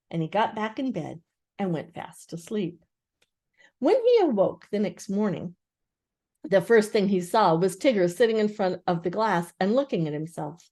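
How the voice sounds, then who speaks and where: An older woman gently and expressively reading a children's book aloud. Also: lowish voice, lively intonation, moderate pace. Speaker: storyteller.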